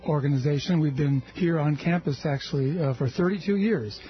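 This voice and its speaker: A man's voice: fairly high pitch, brisk, muffled recording. A man, a music professor and conductor, speaking in a radio interview, earnest and hesitant, with many fillers.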